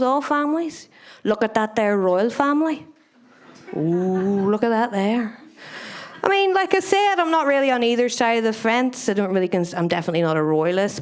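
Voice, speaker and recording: A young woman performing stand-up comedy on a club stage, chatty and self-mocking, swearing freely and laughing at her own lines. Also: high-pitched.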